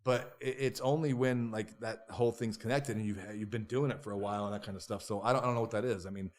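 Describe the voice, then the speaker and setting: Animated, swearing male podcast guest. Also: lowish voice, fast talker. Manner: animated, profane, acts out quoted voices. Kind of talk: casual interview storytelling.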